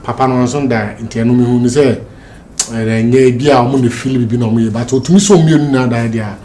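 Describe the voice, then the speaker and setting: A man's voice: mid-range voice, fast, dark tone, lightly acted. An actor with a Ghanaian accent playing a confident friend who gives advice and repeats his phrases in a comedy drama. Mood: advising.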